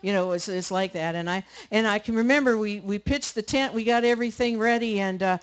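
At a camp meeting, a woman tells a live audience a rambling, colloquial story in a chatty way, restarting often. Her mid-range voice moves briskly.

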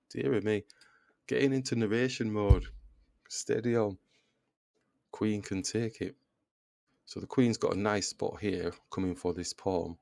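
A man's voice: on the low side, unhurried, creaky, long pauses, a little mellow, no echo, studio quality. A man giving casual chess commentary, thinking aloud move by move and groaning at his own mistakes. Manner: self-deprecating, groans at his own blunders. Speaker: chess video creator.

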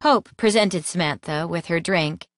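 A woman narrating an audiobook in a lively, expressive reading voice, close to the mic. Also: fairly low pitch, measured pace, no room sound. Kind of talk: scripted narration.

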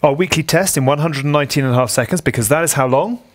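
A man's voice: on the high side, quick pace. A man hosting a podcast, leading segments and teasing his co-host. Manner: teasing, presenter-like. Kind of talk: presenting a show segment.

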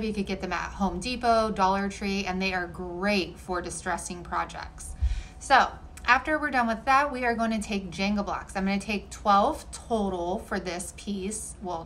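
A woman's voice: mid-range voice, fairly bright tone, a little hiss or hum, rough recording. A woman chatting through a home decor DIY tutorial in an upbeat, friendly way, often saying "y'all". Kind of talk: casual tutorial narration.

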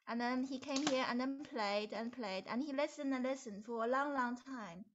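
A woman teacher narrating a puppet story for children over a video call, in an animated, playful way. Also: high-pitched, normal speed, hardly any pauses, highs cut off. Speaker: music teacher.

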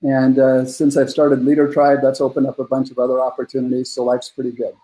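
A man's voice: medium pitch, monotone, fairly quick, dark tone. A man in his fifties, a guest coach on a podcast, telling a personal family story in a heartfelt, earnest way with frequent fillers. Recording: roomy echoey room.

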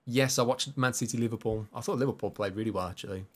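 A man's voice: medium pitch, fast. Casual streamer man. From West Midlands, England. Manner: casual and self-deprecating, reading chat between bursts of game reactions. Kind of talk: live gameplay stream, chatting with viewers.

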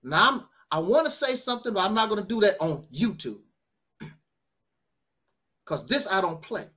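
A man's voice: high-pitched, sing-song, measured pace, pushed and bright. A man speaking in an emotional personal monologue, tearful and heated, with a preacher-like cadence. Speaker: online commentator.

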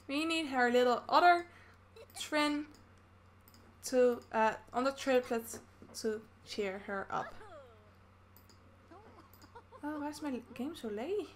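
A woman from the Netherlands giving casual commentary as she plays a life-sim game, chatting through each action. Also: sits high. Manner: chatty, narrating her own game actions. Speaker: gaming YouTuber. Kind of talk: casual Let's Play commentary.

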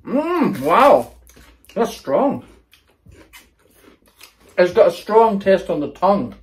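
Lively man chatting over snacks. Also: sits high, slow. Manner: chatty, lively, reads labels aloud while chewing. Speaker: co-host tasting snacks. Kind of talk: casual chat.

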